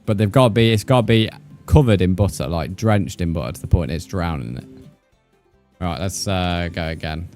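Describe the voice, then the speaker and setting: A man's voice: low voice, brisk, a little mellow, faint music behind. A young man from the UK with a British accent, chatting casually with viewers on a live gaming stream and dropping slang like mate and bro. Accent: British English. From United Kingdom.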